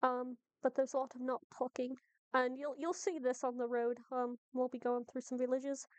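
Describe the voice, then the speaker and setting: A woman's voice: high-pitched, level tone, normal speed, clear, resonant tone, no room sound, natural voice. A woman game master voicing a wary female guide in a put-on Irish accent that drifts, speaking with many ums and restarts. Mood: cautious. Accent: put-on Irish, drifting toward Boston. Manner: hesitant, full of ums and restarts.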